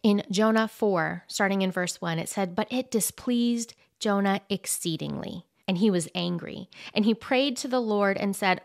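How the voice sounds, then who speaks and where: A woman's voice: mid-range voice, normal speed, creaky, few pauses, dry recording. A woman teaches from the Bible on her podcast, speaking earnestly and conversationally in a medium voice. She reads scripture aloud between her own reflections. The recording is close and dry, with no room sound.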